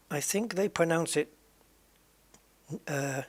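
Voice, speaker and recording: A man's voice: on the high side, measured pace. A man talks his way through a racing game in loose, casual commentary. He muses aloud, drifts between thoughts and stops to correct himself, like a gaming host chatting to his viewers. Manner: rambling, musing and self-correcting.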